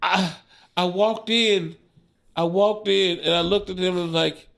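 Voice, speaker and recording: A man in his forties, a stand-up comedian, tells a story on a podcast. His voice sits a bit high for a man, and he talks in an animated, profane way, laughing through the tale. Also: a little slow, gravelly.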